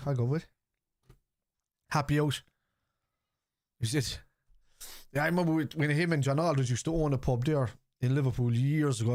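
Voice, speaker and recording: The recording is dry and studio quality, capturing a medium-pitched man. In his football watchalong stream, this chatty middle-aged host reacts to the game, reads chat messages aloud and gets worked up at match moments.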